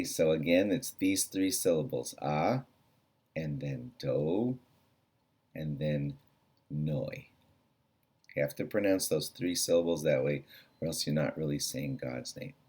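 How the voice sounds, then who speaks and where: A man with a very low voice gives a brief daily lesson on Jewish law. He talks in a casual way with plenty of fillers. He slows right down to spell out the important points with care. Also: a little mellow. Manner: earnest, repeats key points slowly and deliberately. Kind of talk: short spoken halacha lesson.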